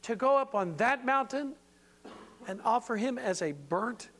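A man's voice: very high voice, expressive, a little slow, a bit bright, long reverb tail, exaggerated voice. A man voicing an aged biblical patriarch who urgently protests and pleads with God in disbelief. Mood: pleading protest.

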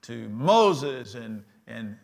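A man preaching a sermon as pastor, leading the congregation in call-and-response and swinging between loud declarations and quiet, hushed passages. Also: mid-range voice, very animated, very slow, vocal fry.

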